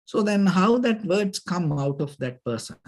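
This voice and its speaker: A man, a Buddhist monk, giving a dhamma talk, halting and searching for words, often saying "you know", with gentle, patient explanation. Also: sits high, expressive. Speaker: Buddhist monk teaching meditation.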